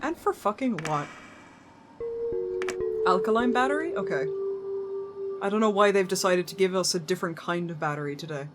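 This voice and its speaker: Over music, a woman with a lowish, animated voice streams a horror game at a moderate pace, leaving long pauses. Her live commentary mixes chatting, joking and casual swearing, and she talks back to the game's characters.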